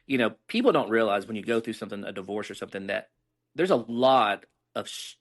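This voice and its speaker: A man's voice: on the low side, animated, a little fast. Candid rambling middle-aged man. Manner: candid, rambling, acts out quoted dialogue. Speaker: guest. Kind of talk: casual interview storytelling.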